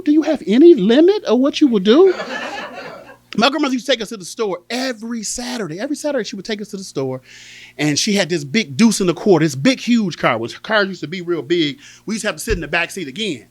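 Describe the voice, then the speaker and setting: Animated, high-voiced man doing stand-up. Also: quick pace, no room sound. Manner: animated storytelling, acting out family members. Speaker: stand-up comedian. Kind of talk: stand-up comedy set.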